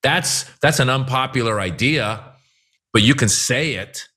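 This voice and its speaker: A man's voice: mid-range voice, measured pace, bright, forceful tone. A man co-hosting a political talk show, speaking emphatically and with exasperation, often acting out quotes. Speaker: co-host. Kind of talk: political commentary chat.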